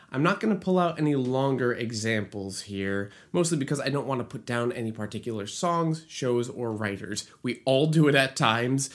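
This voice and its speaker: A musical theater writer explaining lyric writing in an educational video, with playful asides and short sung examples. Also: medium pitch. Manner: playful asides, jokes about own bad accent.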